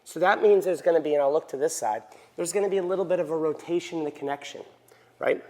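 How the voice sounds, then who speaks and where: This male dance instructor speaks fast in a slightly high voice with a darkish tone. Through the lesson he counts beats aloud and tosses in frequent "right?" check-ins, all heard with echoey hall reverb.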